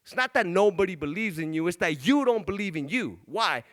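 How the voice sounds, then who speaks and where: A man's voice: sits high, animated, brisk, a bit bright. A man in his thirties giving a candid, emotional personal testimony with profane street talk, building to urgent encouragement. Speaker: motivational speaker.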